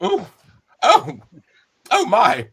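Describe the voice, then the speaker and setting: A man's voice: very high-pitched, huge pitch swings, very slow, creaky, a bit bright, breathy edge, voice pushed up, heavily acted. A man voicing a prim, flustered nanny who is smitten, with genteel, fluttery exclamations. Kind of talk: game master voicing a character.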